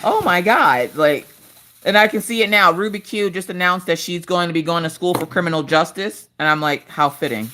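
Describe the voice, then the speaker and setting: A woman in her thirties hosting a craft livestream, telling animated family stories in casual chat. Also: moderate pace, slight background noise. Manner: animated storytelling, jumps to high squeals in quoted voices.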